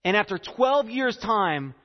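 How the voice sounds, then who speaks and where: A man with a high voice preaches a sermon, leaning on repeated phrases and dramatic pauses. His earnest delivery carries a long hall echo. The recording sounds dull and muffled. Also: sing-song. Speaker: pastor.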